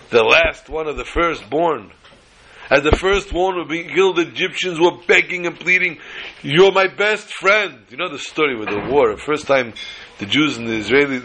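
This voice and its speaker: Bright-voiced animated man giving a sermon. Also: on the high side, slight background noise, rough recording. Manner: animated storyteller who acts out joke characters; mixes in Hebrew and Yiddish terms. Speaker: rabbi.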